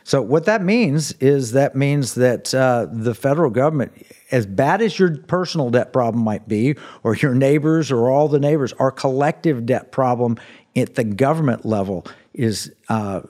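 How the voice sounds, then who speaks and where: A man's voice: medium pitch, animated, moderate pace, a little mellow. Male radio host, earnest explainer, restarts often, mid-range voice. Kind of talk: talk radio discussion.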